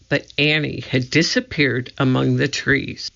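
A narrator reading a children's book aloud in an expressive storytelling manner. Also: medium pitch, slow pace, gravelly, muffled recording. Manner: expressive storytelling, voicing each character. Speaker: audiobook narrator.

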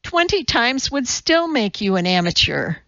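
A woman doing a blunt, gruff older woman. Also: on the high side, very animated, a little slow, fairly bright tone, no echo, lo-fi sound, pitched above the performer's own voice, full character voice. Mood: gruffly kind. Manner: blunt, clipped, no-nonsense.

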